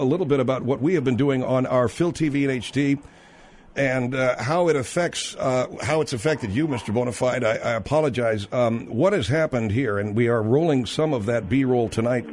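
A man's voice: mid-range voice, a little mellow. A man hosting a radio talk show, telling rambling anecdotes with many fillers and restarts.

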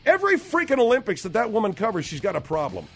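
Animated needling radio host man. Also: sits high, fast talker, faint music behind. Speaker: radio talk show host. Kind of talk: comedic radio talk show.

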